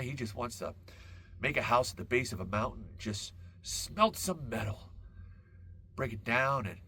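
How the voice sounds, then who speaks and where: A man hosting a podcast, telling a long comic story in a casual, profane and animated way. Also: mid-range voice, a little hiss or hum. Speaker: podcast host.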